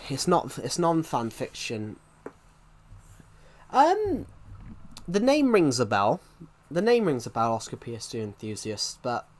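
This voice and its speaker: A young man chatting casually on a live stream while gaming, rambling and restarting his sentences. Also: mid-range voice. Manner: rambling, halting, many restarts.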